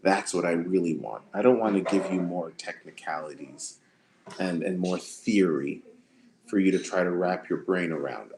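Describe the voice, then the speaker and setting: A man coaching singers on a livestream, answering chat questions in a relaxed, conversational way that often repeats itself. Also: low-pitched, background noise. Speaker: vocal coach.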